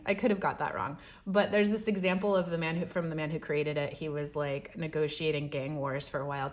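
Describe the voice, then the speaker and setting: Soft-spoken woman giving a tarot reading. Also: lowish voice. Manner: gentle, encouraging, chatty with many "right?" and "like". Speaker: tarot reader. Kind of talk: daily tarot reading monologue.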